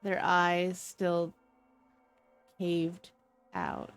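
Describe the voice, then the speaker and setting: A woman running a tabletop horror game, narrating scenes in an unhurried, descriptive way and calling for dice rolls. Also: fairly low pitch, sing-song, clear, resonant tone, soft background music. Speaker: game master.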